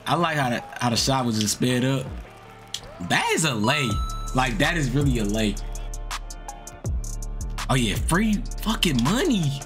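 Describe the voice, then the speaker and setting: A man talks his way through his own basketball video game with music playing under him. He mutters numbers and plans half to himself, then spikes loud and high when a shot drops, swearing and taunting the players on screen. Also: measured pace, long pauses. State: out of breath. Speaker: gaming YouTuber. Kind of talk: live gameplay commentary.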